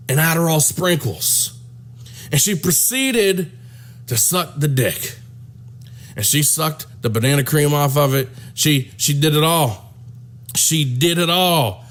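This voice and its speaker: A man telling a crude comic story, rambling and repeating himself with animated delivery. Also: a little high. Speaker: comedian storyteller.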